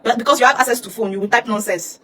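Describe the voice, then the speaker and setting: This is an emotional rant posted online by a young Nigerian woman with a Nigerian accent. Her voice is fairly high and a bit bright, and she speaks rapid-fire, scolding heatedly through rhetorical questions.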